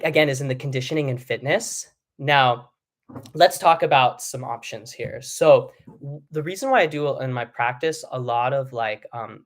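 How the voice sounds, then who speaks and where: A man coaching singers on a live stream, talking in a mid-range voice. His explanations wander a little, full of ums, restarts and asides. The delivery is casual and unscripted. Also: mid-range voice. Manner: loose explanatory talk with many ums and restarts. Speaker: vocal coach. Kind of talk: live-streamed singing lesson.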